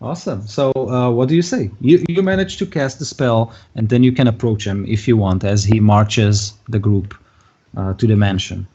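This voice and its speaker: A man running a tabletop game as game master, narrating haltingly with many fillers and thinking aloud. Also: lowish voice, mellow. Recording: muffled lo-fi voice chat.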